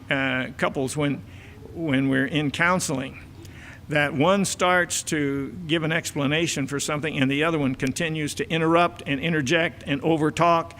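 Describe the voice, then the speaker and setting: Older man, slightly high voice, folksy, lots of uhs, reverberant church hall. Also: fairly bright tone, slight background noise. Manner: folksy, many filler uhs and repeated words. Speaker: church elder and marriage counselor. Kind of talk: church talk on family life. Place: church auditorium.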